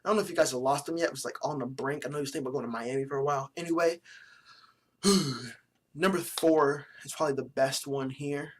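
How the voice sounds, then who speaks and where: A man's voice: fairly high pitch, fast talker. Blunt slangy young man ranting. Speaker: vlogger reviewing sports jerseys. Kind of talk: casual profane commentary.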